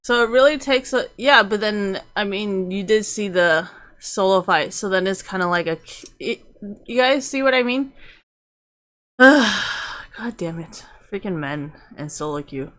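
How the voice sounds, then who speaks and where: A woman's voice: medium pitch, moderate pace, fairly bright tone. A young woman streamer giving rambling, profane, casual commentary on a game, laughing often.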